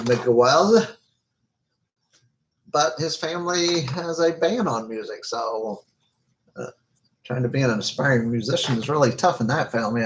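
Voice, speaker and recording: A man's voice: mid-range voice, slight background noise, poor audio. Hesitant man reviewing movies. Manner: hesitant, lots of filler "uh"s. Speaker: podcast co-host, movie reviewer. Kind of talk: casual movie review chat.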